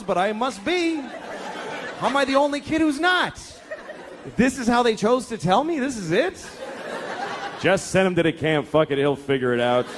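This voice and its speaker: A middle-aged man doing a stand-up comedy set, ranting in an exasperated way and acting out the people in his stories, with audience laughter behind him. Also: high-pitched. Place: comedy stage before a live audience. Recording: faint crowd and noise of a live show.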